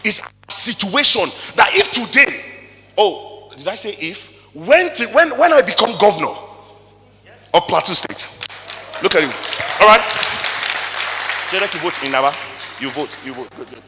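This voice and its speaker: A man with a Nigerian accent giving an animated motivational talk to a live audience, firing rhetorical questions and swinging between loud and soft. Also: high-pitched, normal speed, pauses often, a faint crowd, slight background noise. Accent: Nigerian English. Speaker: motivational speaker. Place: stage in a hall before an audience. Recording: long reverb of a large hall.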